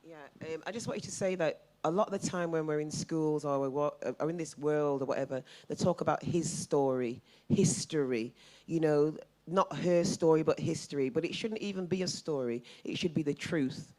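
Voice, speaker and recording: Woman, middle-aged, audience member, forceful, emphatic, repeats herself. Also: deep voice, normal speed. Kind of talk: impassioned public comment.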